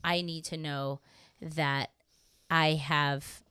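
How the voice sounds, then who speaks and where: Low-voiced, smooth young woman chatting. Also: little pitch movement, very slow, bright, forceful tone, no echo. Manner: rambling, chatty, swears freely, laughs often. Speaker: podcast co-host. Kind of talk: casual chat.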